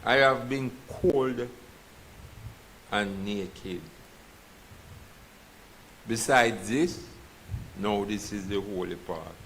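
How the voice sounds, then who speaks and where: Slow, bright-voiced Jamaican preacher. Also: male voice, lowish voice, a little hiss or hum, low-quality recording. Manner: slips into patois, asks the congregation "you understand?". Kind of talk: sermon with scripture reading. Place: church.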